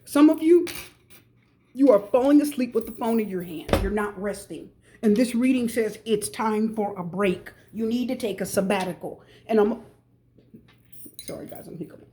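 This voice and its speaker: A middle-aged woman reads tarot cards for her viewers in a chatty, emphatic way, pressing each point home. Her voice sits a little high but has a mellow, warm tone. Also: expressive, moderate pace, slight background noise. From United States. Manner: chatty, emphatic, repeats advice directly to viewers. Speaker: tarot reader. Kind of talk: pick-a-card tarot reading.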